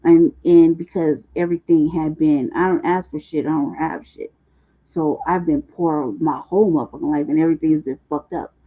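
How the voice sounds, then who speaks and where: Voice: medium pitch, fairly even intonation, normal speed. A livestream host in casual, rambling talk, profane and loose with slang, often laughing. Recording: muffled phone-like livestream audio.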